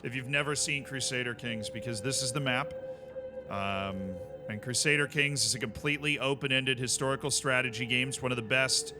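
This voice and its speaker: A man's voice: mid-range voice, fairly even intonation, brisk, over music. A man streaming a strategy game, chatting casually with his viewers in a self-mocking way over a headset mic. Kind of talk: livestream gaming commentary.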